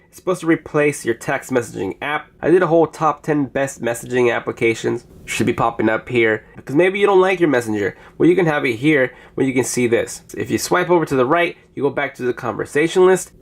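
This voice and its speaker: A man casually reviewing phone apps, chatty as he demonstrates each one on screen. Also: mid-range voice. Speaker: app reviewer. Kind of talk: casual app review narration.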